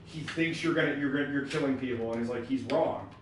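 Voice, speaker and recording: Man, animated storyteller, off-mic, very echoey room, faint background noise. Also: medium pitch, fast, distant mic. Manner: animated, acts out quoted characters. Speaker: let's play co-host. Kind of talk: casual storytelling over gameplay.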